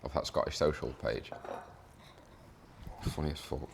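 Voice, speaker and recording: Deep-voiced man, laid-back. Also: steady tone, normal speed, creaky, background noise. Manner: laid-back, swearing, agreeable. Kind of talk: casual chat.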